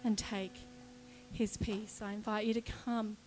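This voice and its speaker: A woman's voice: medium pitch, little pitch movement, measured pace, darkish tone, soft background music. A woman leading worship, speaking earnestly in short phrases and inviting people to pray. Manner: earnest, imagery-led, short spoken phrases. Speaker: worship leader. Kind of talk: sermon-style exhortation at a worship service.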